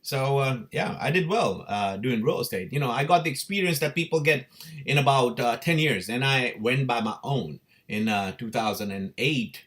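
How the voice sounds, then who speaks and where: A man hosting his own stream, telling his life story in a casual, animated way, swearing and laughing often. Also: medium pitch, moderate pace. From India. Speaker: crypto livestream host.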